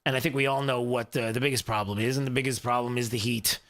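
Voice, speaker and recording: Talk radio host, male, loose rambling delivery full of uhs, forceful bright tone. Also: mid-range voice, fairly even intonation, quick pace. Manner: rambling, conversational, lots of fillers and restarts.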